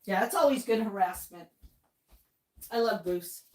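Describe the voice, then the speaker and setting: A woman's voice: mid-range voice, lively intonation, unhurried. A woman in her fifties from Maine, hosting a casual livestream from her home kitchen, gushing and emotional as she talks with viewers. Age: 50s. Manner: gushing and emotional, swings between tearful and loud squealing laughter. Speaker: livestream host.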